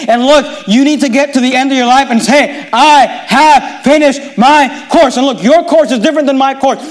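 A man with a notably high voice preaching a sermon. He pushes up loud and high on key points, then drops low and quiet. His delivery is emphatic and repetitive, like a pastor driving points home. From United States.

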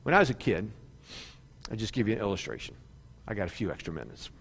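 A man's voice: lowish voice, big pitch swings, quick pace, gravelly, a bit bright, breathy edge, long reverb tail. A man preaching a sermon, building to fervent peaks and then easing into storytelling. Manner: preaching with rising fervor and repetition. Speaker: pastor.

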